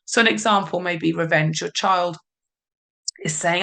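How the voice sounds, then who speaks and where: A woman parenting coach explaining calmly in a podcast conversation, sometimes voicing what a parent or child might say. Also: fairly low pitch, normal speed, gravelly. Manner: calm, explanatory, acts out parent and child lines.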